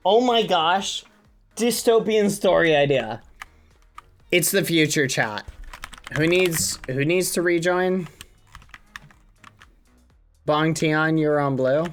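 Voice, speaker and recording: Laid-back man hosting a game stream. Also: on the high side. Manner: encouraging, joking, chatting with players while building. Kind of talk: casual livestream commentary.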